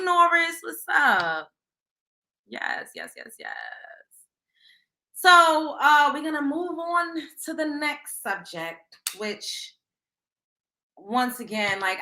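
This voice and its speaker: Blunt, animated woman host in an echoey room. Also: high voice. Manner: blunt, animated, swears freely, acts out quotes. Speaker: host of a celebrity gossip livestream. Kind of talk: casual opinionated commentary.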